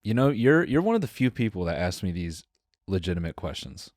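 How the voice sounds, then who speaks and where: Low-voiced man telling a lively story. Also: a little fast, no echo, studio quality. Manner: animated storyteller, acts out quoted people, swears freely. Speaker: podcast co-host. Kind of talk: casual storytelling.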